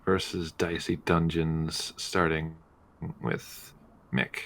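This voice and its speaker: A man's voice: very deep voice, little pitch movement, a bit bright. A man hosting a casual group podcast vote, calling out each name and laughing often. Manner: calls names slowly, laughs often. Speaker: host running a game bracket vote.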